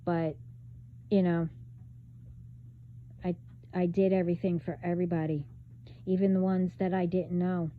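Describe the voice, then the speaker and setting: Woman, vlogger, blunt, halting, slow, tinny phone-quality audio. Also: lowish voice, level tone. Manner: blunt, halting, many fillers and restarts. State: hiccups. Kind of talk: casual spiritual vlog talk. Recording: phone-like band-limited audio.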